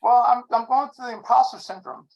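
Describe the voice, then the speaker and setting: A man's voice: very high-pitched, fairly even intonation, brisk, creaky, muffled recording. Older male caller in his sixties, friendly and rambling. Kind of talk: casual chat.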